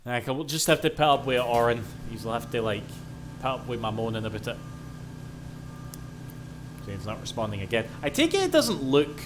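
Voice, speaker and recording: A man's voice: mid-range voice, sing-song, moderate pace, pauses often, background noise. A man with a Scottish accent chatting casually as he streams a video game, swearing freely and grumbling about crashes. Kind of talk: casual gameplay commentary. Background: game music.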